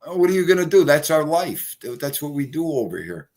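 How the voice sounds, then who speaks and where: Brash, profane New livestream host. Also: male voice, on the high side, very animated, a little fast, a little mellow. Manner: brash, profane, greets chatters. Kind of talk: casual livestream chat.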